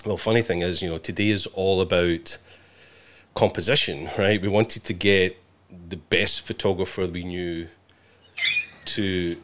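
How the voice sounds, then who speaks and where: Man, deep voice, chatty playful host, live stream banter. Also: fairly even intonation, unhurried, a bit bright.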